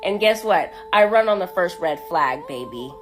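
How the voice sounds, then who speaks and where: A woman's voice: lowish voice, animated, normal speed, over music. A woman telling a personal story in a blunt, sassy, profane way. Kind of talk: casual storytelling.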